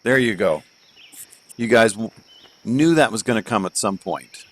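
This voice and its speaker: A man's voice: fairly low pitch, animated, a little slow. A man streaming live, reviewing golf courses in a rambling, joking way from home and thinking aloud with plenty of fillers. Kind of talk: casual live game commentary.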